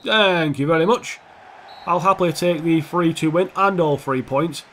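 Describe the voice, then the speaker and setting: A man's voice: fairly high pitch, moderate pace, slight background noise. Sweary lad commentating his game. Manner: swears a lot, swings from calm play-by-play to heated outbursts. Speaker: gaming YouTuber. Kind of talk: casual gameplay commentary.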